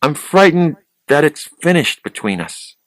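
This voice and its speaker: A man reading the lines of a tired younger man who speaks softly and hesitantly. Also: on the high side, sing-song, measured pace, no echo, pitched above the performer's own voice. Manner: soft, hesitant.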